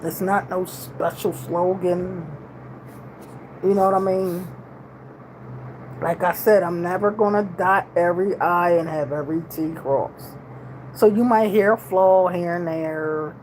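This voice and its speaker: This livestream host, a woman in her sixties, talks a little slowly as she casually chats with her viewers. She has a relaxed drawl, slangy everyday grammar, and a steady middle pitch. The low-quality recording carries faint room noise.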